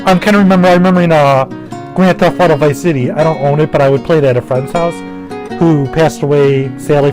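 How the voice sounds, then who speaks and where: A man giving casual, rambling gameplay commentary, full of fillers, restarts and the odd swear word. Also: a little high. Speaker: gaming commentator.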